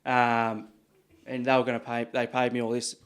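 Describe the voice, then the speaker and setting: An Australian man telling stories in a casual podcast chat, animated and swearing freely. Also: mid-range voice, normal speed, clean tone. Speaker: podcast guest, butcher. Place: podcast studio.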